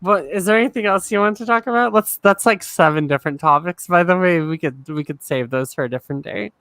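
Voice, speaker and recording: A woman's voice: lowish voice, fast, fairly bright tone, no room sound. A drunk woman from Russia, a guest in a casual interview, talking in a playful, giggly and rambling way.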